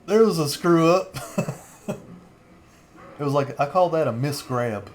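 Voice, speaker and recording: A man's voice: a little high, animated, slow. A man in his thirties rambling through a casual film commentary as a channel host, chuckling often between remarks.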